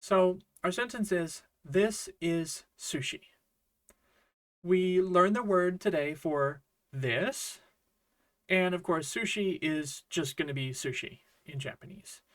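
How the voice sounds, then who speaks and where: A man's voice: high voice, slow pace, a bit bright. A man teaching a casual online Japanese grammar lesson, explaining in a friendly, chatty way with small fillers and asides.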